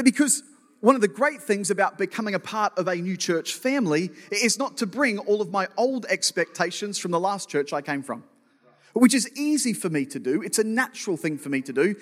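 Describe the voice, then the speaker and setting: A man's voice: high voice, animated, brisk, fairly bright tone. A male pastor preaching a sermon in a conversational way, often restarting with repeated words and making joking asides. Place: church auditorium. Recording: long reverb of a church hall.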